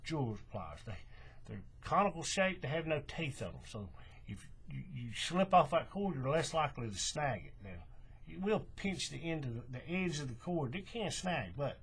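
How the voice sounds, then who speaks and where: Husky man with a lively voice teaching. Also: on the high side, moderate pace. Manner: chatty, repeats "right?" and "okay", restarts and self-corrections. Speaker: paracord bracelet instructor. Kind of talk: casual how-to demonstration.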